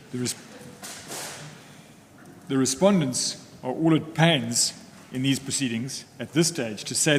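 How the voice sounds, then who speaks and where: A man arguing a case in court, formal and measured, with some restarts. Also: mid-range voice, slight background noise. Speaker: advocate in court. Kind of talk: legal argument in court. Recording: long reverb of a hall, faint ambience.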